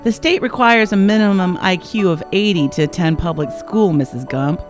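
A woman's voice: on the low side, moderate pace, music in the background, close to an everyday voice. A woman playing a stiff, matter-of-fact male school official in a comedy podcast reenactment.

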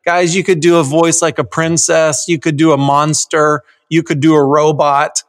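Male podcast co-host, fairly high voice, animated, laughs easily. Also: moderate pace. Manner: animated, laughs often, stumbles on restarts. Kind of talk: casual chat.

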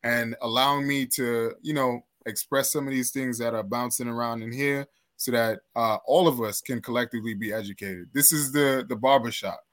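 A man guesting on a relaxed podcast conversation. His voice sits at an ordinary middle pitch. He comes across earnest and reflective, and he takes his time laying out his thoughts. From United States, born to Trinidadian parents. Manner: earnest, thoughtful, speaks in measured phrases. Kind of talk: casual podcast chat.

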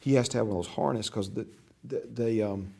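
A man's voice: fairly low pitch, quick pace, gravelly, warm tone, slightly rough. Older man teaching a church class. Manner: conversational, storytelling, acts out quoted voices.

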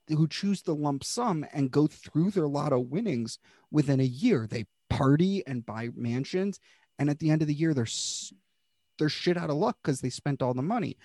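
A man's voice: on the high side, lively intonation, normal speed, mellow, dry recording, studio quality. A man in his thirties co-hosting a podcast in casual chat. He rambles and laughs often. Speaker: podcast co-host.

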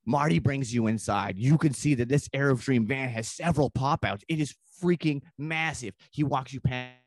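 A man appears as a comedian guest on a podcast, telling a long, rambling, profane comic story and dropping into quick put-on voices. His voice is mid-range, and the recording is dry.

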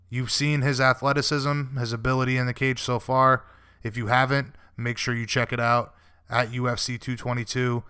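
A male radio host keeps the talk easygoing and friendly, calling his guests buddy and brother. His voice is bright and smooth, with a dry, close sound. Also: medium pitch, dry recording. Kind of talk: casual radio interview and show links.

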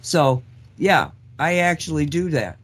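A man's voice: fairly high pitch, animated, unhurried, fairly bright tone. A man co-hosting a casual show, speaking earnestly and candidly, chuckling at his own remarks. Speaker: co-host. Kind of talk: casual call-in show chat.

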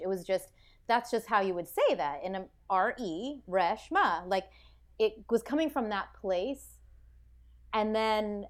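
Woman guest, American, mid-pitch, animated and reflective, casual interview chat. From United States. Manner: animated, reflective, full of "like" and restarts. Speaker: podcast guest.

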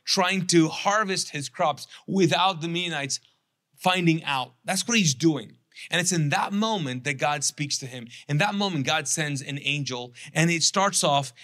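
A man preaching a conversational sermon, retelling a scripture story with animated, sarcastic acted quotes. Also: a little high. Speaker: pastor.

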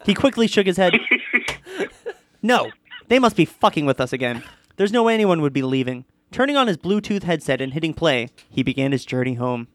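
A man co-hosting a podcast, reading a listener's story aloud in an animated way. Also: on the high side, fairly quick. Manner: animated reading, often breaking into laughter. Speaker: podcast co-host.

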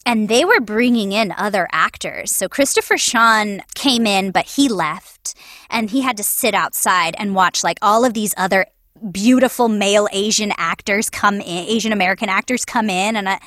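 A woman's voice: mid-range voice, normal speed, dry recording. A young woman, a voice actress, chatting in an interview, telling stories animatedly with frequent laughter and acted-out voices. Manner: animated storyteller, laughs often, acts out quoted voices. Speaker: voice actress guest. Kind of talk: casual interview chat.

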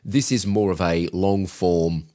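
Low-voiced man giving punchy coaching advice. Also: steady tone, slow, dark tone. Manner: emphatic, directive, coaching tone. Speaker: podcast co-host, agency coach. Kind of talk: business podcast chat.

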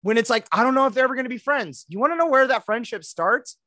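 Bright, high-voiced joking man. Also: fast, dry recording, clean studio sound. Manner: animated, jokey, acts out quoted voices. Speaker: podcast co-host. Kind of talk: casual banter.

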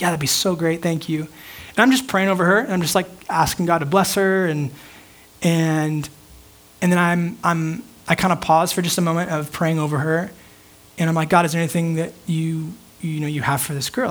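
A man's voice: fairly high pitch, fairly bright tone. A young man who is a pastor, preaching a sermon in a casual storytelling manner, full of "like" and restarts. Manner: casual, filler-heavy storytelling with frequent "like".

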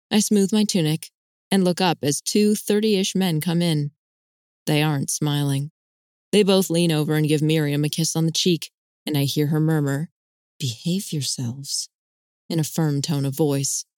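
A woman narrating a first-person novel at a measured, even pace. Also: low voice, no echo, studio quality. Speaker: audiobook narrator.

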